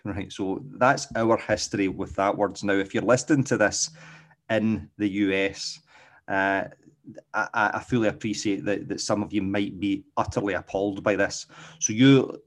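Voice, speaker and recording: Deep-voiced Glaswegian man rambling casually. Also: steady tone, normal speed. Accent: Glaswegian Scottish. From Scotland. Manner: rambling, often checks in with "okay?". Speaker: dog trainer. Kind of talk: casual spoken monologue.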